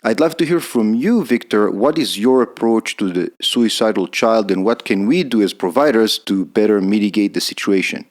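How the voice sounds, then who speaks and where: A man's voice: fairly low pitch, animated, normal speed, few pauses. A man, an emergency physician hosting a podcast, asking questions and affirming his guest's answers. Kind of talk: interview questions.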